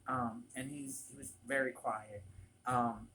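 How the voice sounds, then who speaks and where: A man's voice: mid-range voice, steady tone, takes it slowly, sharp tone, low-quality recording. A man telling casual stories to camera in a chatty, gossipy way, with many ums. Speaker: vlogger, former barista.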